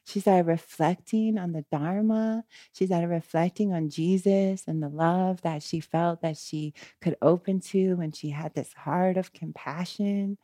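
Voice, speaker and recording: A woman telling a story in a casual, animated way, often adding "you know" and "right?" between phrases. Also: measured pace, dry recording, clean studio sound. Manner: gets louder and higher when she quotes the people in the story.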